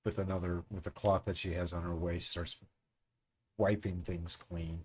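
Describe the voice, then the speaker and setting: A man's voice: deep voice, level tone, moderate pace. A man narrating as game master in a tabletop game, often laughing as he narrates.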